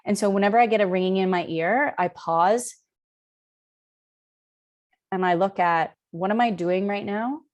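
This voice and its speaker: A woman in her thirties, a spiritual teacher, gives a live online session in a mid-range voice, speaking a little slowly with frequent pauses on lo-fi sound. She tells personal stories in a casual, warm-hearted way, with frequent ums.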